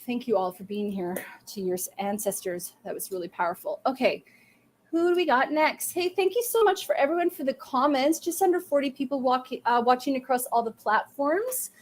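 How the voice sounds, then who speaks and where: A woman psychic medium hosting a live-streamed intuitive reading, talking softly but emphatically and gushing, with many fillers. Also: high-pitched, fairly quick, a little hiss or hum. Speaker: psychic medium and podcast host.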